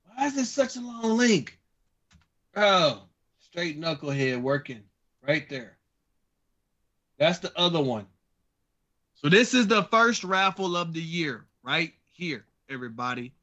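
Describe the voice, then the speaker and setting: A man's voice: on the high side, lively intonation, a little slow, pauses often, a bit bright. A man, a charity founder guest, chatting casually over a video call in a playful, teasing way. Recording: dull lo-fi call audio.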